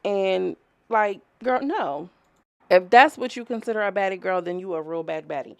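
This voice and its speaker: A woman's voice: medium pitch, moderate pace, a little mellow, no room sound. A woman reviewing a reality show episode in a casual vlog, chatty, rambling and profane as she talks straight to her viewers.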